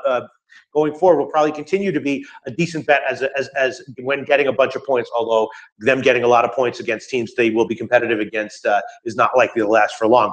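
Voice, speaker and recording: Fast-talking male betting handicapper. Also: medium pitch, a bit bright, low-quality recording. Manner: rambling, restarts and fillers, joking asides. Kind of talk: casual betting picks chat.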